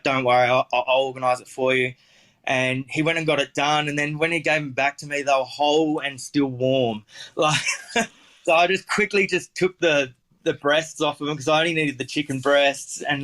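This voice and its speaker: A man's voice: on the high side, a bit bright. A man with an Australian accent, a chef telling stories in a casual interview, rambling with lots of fillers and restarts.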